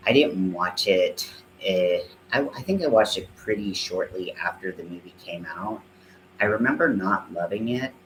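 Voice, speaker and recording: A man's voice: low voice, fairly bright tone, a little hiss or hum, poor audio. A man with a Southern American accent, chatting casually and rambling with lots of fillers while he crochets on a live stream. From Southern United States. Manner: rambling, filler-heavy, self-deprecating.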